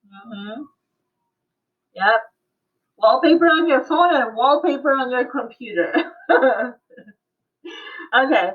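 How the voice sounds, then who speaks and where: A woman math teacher teaching an online class, coaxing and quizzing her students and laughing often. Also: sits high. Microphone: video call. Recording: tinny phone-like audio.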